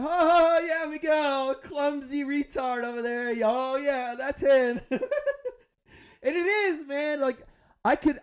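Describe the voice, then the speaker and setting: A young man hosting a podcast, telling rambling stories in a profane, animated way. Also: on the high side. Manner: profane, animated storytelling, breaks into laughs. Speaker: podcast host. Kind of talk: casual monologue.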